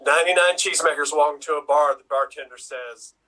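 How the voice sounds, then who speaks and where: A man, an improv player, rushing through jokes with a laugh. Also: on the high side, a crowd in the background, low-quality recording.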